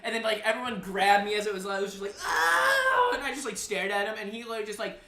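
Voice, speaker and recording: A man's voice: sits high, fairly even intonation, rapid-fire, fairly bright tone, reverberant. A man in his twenties, co-hosting a podcast, tells a rambling, profane story and acts out the people in it. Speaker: podcast co-host. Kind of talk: casual storytelling chat.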